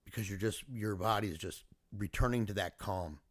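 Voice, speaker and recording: A man's voice: fairly low pitch, normal speed, no room sound, studio quality. Earnest man telling a family story. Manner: earnest, emotional, reflective storytelling. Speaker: father recounting a family emergency. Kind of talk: personal video diary monologue.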